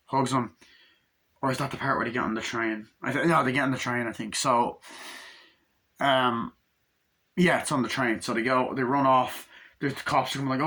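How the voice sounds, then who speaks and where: A man's voice: medium pitch, fast talker, bright, forceful tone, husky. A man giving a rambling, casual film review at home, acting out lines from the movie with plenty of swearing.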